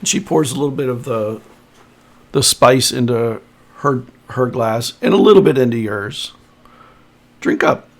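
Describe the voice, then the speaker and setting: A man narrating as game master in a tabletop roleplaying game, unhurried and descriptive. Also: medium pitch, lively intonation. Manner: unhurried, descriptive, chuckles often.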